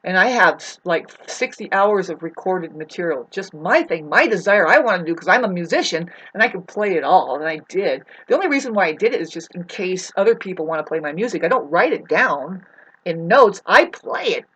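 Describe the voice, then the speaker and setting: A woman's voice: lowish voice, lively intonation, brisk, a bit bright, breathy edge, poor audio. A woman delivering a rambling, profane, agitated monologue to the camera as a vlogger.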